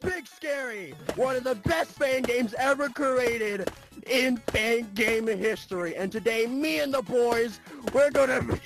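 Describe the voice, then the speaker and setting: High-voiced guy doing a joking announcer bit. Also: measured pace, gravelly. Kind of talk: casual gaming banter. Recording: voice chat under loud music.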